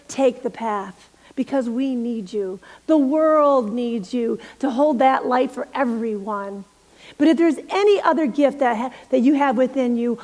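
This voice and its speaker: A middle-aged woman minister gives an earnest, storytelling sermon and leads a guided prayer, at times dropping into soft, emphatic whispers. Her voice is high-pitched at a moderate pace, with a long reverb tail.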